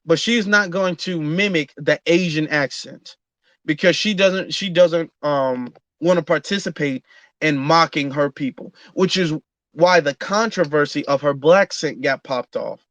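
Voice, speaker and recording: A man's voice: fairly high pitch, unhurried, fairly bright tone, dry recording. A man hosting an online audio room, talking in an earnest casual monologue with frequent fillers and restarts. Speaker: host.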